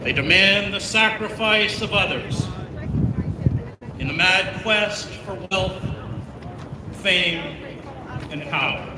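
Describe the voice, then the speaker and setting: Man, rally speech, grave rhetorical delivery, slow, echoey loudspeaker from far off. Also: high-pitched. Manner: grave, rhetorical, measured cadence. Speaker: rally speaker. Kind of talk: slow, solemn public speech. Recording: echoey loudspeaker heard from far off with loud street noise.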